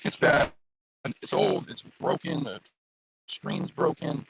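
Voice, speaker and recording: A man with a raspy voice hosting a casual livestream, chatting loosely and directly to his viewers over a phone. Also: takes it slowly, a bit bright, a little hiss or hum, rough recording. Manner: rambling, chatty, talks straight to viewers. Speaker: livestream host.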